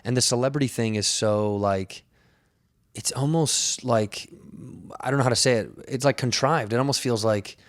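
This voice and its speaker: A man's voice: mid-range voice, normal speed, no room sound, studio quality. A male comedian chatting casually as a podcast guest, rambling and acting out bits. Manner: animated, rambling, acts out bits.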